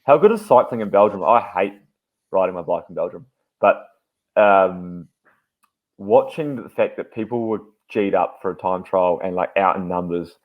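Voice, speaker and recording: A man's voice: low voice, sing-song, normal speed, narrow, tinny audio. A man co-hosting a casual podcast, chatty and steering the conversation. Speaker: podcast co-host. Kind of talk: casual chat.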